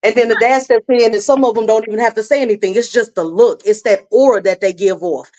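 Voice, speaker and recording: Animated woman guest in a video-call chat. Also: a little high, fast talker. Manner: animated storyteller who acts out kids' voices.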